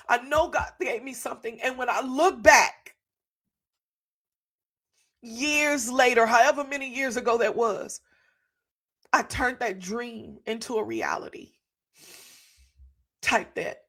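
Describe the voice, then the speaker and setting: A woman in her forties speaks straight to her viewers with fervent, preacher-like conviction. Her voice sits a little high, and she circles back to key phrases again and again for emphasis. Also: lively intonation, unhurried, long pauses, fairly bright tone, slightly rough. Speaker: podcast host. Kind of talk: motivational testimony to live viewers.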